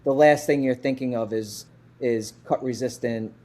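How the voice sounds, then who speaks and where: This man co-hosts a hockey podcast and responds with quick, warm agreement. His voice has an ordinary male pitch. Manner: supportive, full of quick agreements. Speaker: podcast co-host. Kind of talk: casual podcast conversation.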